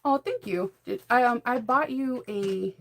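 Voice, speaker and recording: A woman's voice: fairly high pitch, unhurried, gravelly, fairly bright tone. A middle-aged woman hosting a sewing channel, chatting casually in a rambling, enthusiastic way and laughing often. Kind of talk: casual chat.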